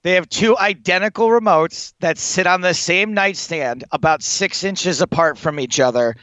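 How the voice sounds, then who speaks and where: A young man rambling through comic anecdotes as a podcast guest, animated, swearing often and laughing through his stories. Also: sits high, moderate pace, dry recording. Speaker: guest storyteller.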